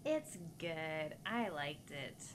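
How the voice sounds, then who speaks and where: A woman's voice: low-pitched, very animated, extremely slow, background noise. A woman streamer chatting casually with viewers while she plays, laughing often and cooing at her pet. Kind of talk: casual live-stream chat.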